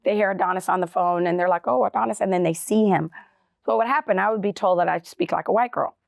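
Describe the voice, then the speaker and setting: Gravelly-voiced woman telling lively stories. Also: on the low side, quick pace, dry recording, clean studio sound. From Jamaica. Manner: animated, storytelling, acts out quotes. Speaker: podcast co-host. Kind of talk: casual chat.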